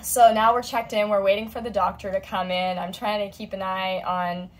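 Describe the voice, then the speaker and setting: A woman in her thirties chatting to camera as a vlogger, expressive and talkative, often acting out what others said. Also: medium pitch, moderate pace, poor audio. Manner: chatty and expressive, voicing quoted friends. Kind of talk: casual chat to camera.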